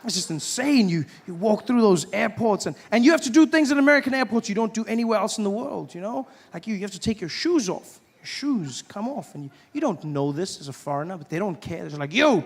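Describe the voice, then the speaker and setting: A young adult man doing stand-up comedy, animated, acting out shouting officials in high voices. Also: quick pace, creaky, hardly any pauses, breathy edge. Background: audience laughter.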